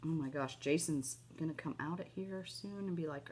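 A woman's voice: sits low, moderate pace, a little mellow, breathy edge. A chatty woman walks viewers through a craft project in an upbeat, gushing way. She keeps turning to her audience as she works, and a cough catches her now and then. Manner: gushing, chatty, keeps saying "you guys" and "oh my gosh". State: has a cough. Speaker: craft video host. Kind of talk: casual crafting tutorial.

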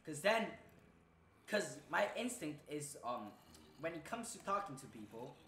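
A man's voice: a little high, very animated, a little slow, pushed and bright, echoey room, a little hiss or hum. A young man with a Brazilian Portuguese accent, a native Portuguese speaker telling a rambling casual story while gaming, tagging nearly every phrase with "okay?" and "bro". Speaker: student vlogger.

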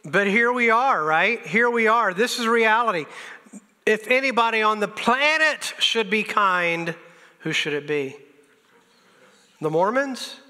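This sermon comes from a male pastor whose voice is high and bright, moving at a measured pace through the reverberant sanctuary. Earnest and exhorting, he repeats lines for emphasis and laughs at himself with self-deprecating humor.

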